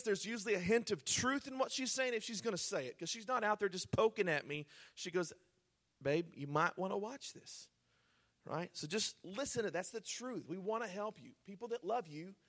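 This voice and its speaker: A man pastor preaching a sermon, earnest, moving between hushed pleading and loud emphatic urging. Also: high voice.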